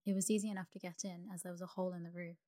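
Calm woman reading a sleep story. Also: lowish voice, very fast, no room sound. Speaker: narrator.

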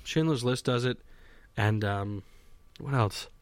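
A man's voice: mid-range voice, takes it slowly, no room sound. A young man in a casual solo monologue from a home basement, rambling, swearing and mocking himself.

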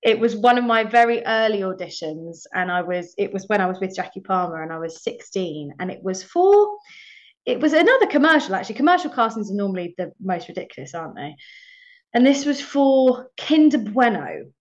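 Guesting on a podcast, a young woman actor tells casual stories, laughing a lot and acting out her earlier remarks. She talks a little fast at medium pitch with big swings, heard through slightly muffled lo-fi audio.

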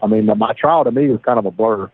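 A man, recounting his past in a halting way with repeated words, over the phone. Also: fairly low pitch, breathy edge. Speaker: interviewee, former defendant. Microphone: phone line. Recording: tinny phone line.

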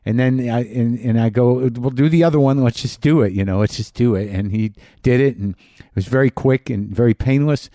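A middle-aged man, a podcast host, telling a personal story in a halting monologue full of restarts and fillers. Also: mid-range voice, mellow, no room sound, clean studio sound.

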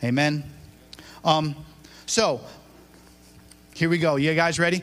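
A man's voice: fairly high pitch, fairly even intonation, takes it slowly, pauses often, a bit bright, slight background noise. A man, preaching a sermon to a live congregation, upbeat, quizzing the crowd and leading a prayer. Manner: upbeat, talks with the congregation, quizzes them, then prays. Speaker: bishop preaching. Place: church before a live congregation.

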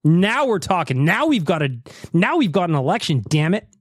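Canadian guy hosting his podcast, bouncy animated voice, dry close sound. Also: sits high, moderate pace, dry recording. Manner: laughs easily, playful. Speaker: podcast host. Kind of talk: casual podcast chat.

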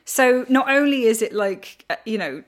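A woman's voice: on the high side, lively intonation, normal speed. Chatty British woman who laughs a lot. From Britain. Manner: chatty, laughs often, many restarts. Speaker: crime writer guest. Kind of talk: casual podcast interview.

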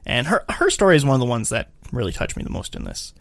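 A man co-hosting a casual film-discussion podcast, recapping scenes in an animated way. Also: mid-range voice, fast talker, creaky, no room sound. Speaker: podcast co-host.

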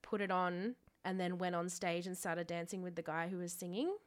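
A young Australian woman co-hosting a podcast, telling a story about herself in casual chat, self-mocking and quick to swear. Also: fairly low pitch, flat delivery. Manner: self-mocking, laughs often, swears freely. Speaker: podcast co-host.

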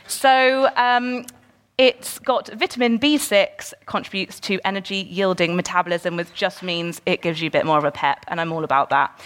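Cheery woman hosting a live podcast show, chatty, middle pitch. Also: a bit bright. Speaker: podcast host. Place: live event venue.

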